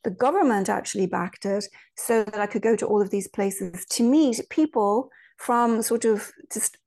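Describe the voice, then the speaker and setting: Woman guest, mid-pitched, chatty storyteller with lots of asides. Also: moderate pace, darkish tone. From Ireland. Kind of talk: casual interview chat.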